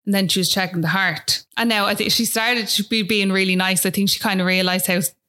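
An Irish woman speaks as a guest on a talk show. She tells a personal story in an easygoing, chatty way and keeps checking in with the listener. Her voice sits at a middle pitch for a woman. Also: steady tone, a little fast, pushed and bright. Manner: chatty, fills talk with "like" and "do you know what I mean".

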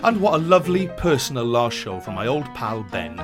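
A male podcast co-host in easy chat, with a mid-pitched voice that swoops widely as he speaks. His delivery is theatrical and enthusiastic, and faint music plays behind him. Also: big pitch swings, a little fast. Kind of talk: casual chat and show wrap-up.

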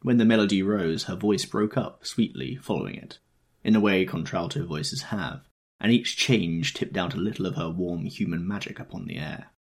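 A man reading a novel aloud in a measured, first-person storytelling manner. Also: low voice, gravelly. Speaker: audiobook reader.

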